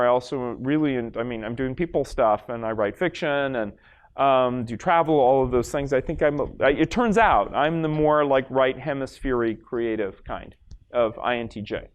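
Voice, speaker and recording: A man from Los Angeles, USA, lectures live on stage to an audience while demonstrating a brain scan, talking casually and rambling with plenty of fillers and restarts. His voice is mid-range and smooth.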